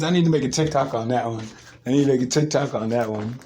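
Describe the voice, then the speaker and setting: A man's voice: mid-range voice, fast talker, warm tone, slight background noise. A man riffing alone on his podcast, rambling, repeating himself, laughing often and cursing freely. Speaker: podcast host. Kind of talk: casual podcast monologue.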